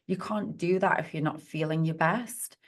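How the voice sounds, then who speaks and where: A woman with a low-pitched voice speaks at a normal speed as a podcast guest. A positive psychologist, she uses an earnest, encouraging coaching tone throughout the conversation.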